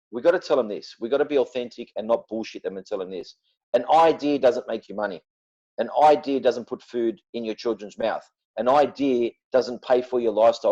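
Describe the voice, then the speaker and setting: A man speaking as a podcast guest, blunt and forceful, cursing freely as he makes his points. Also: mid-range voice, muffled recording. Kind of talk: passionate podcast talk.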